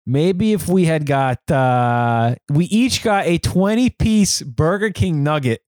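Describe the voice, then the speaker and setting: A man's voice: a little high, lively intonation, slow pace, a little mellow, no room sound, clean studio sound. A man hosting a podcast, chatting in an upbeat, agreeable and jokey way about a movie. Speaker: podcast host. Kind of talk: casual movie-review chat.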